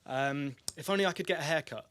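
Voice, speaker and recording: A man voicing a frail, lonely old man in his eighties with a Scottish accent, gentle and wistful. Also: fairly high pitch, fast, no echo, natural voice. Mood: delighted. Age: older.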